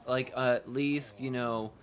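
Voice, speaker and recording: A man's voice: mid-range voice, fairly even intonation, slow. Rambling man narrating his gameplay. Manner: rambling, repetitive, with casual swearing. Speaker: gaming streamer. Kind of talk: casual gameplay commentary.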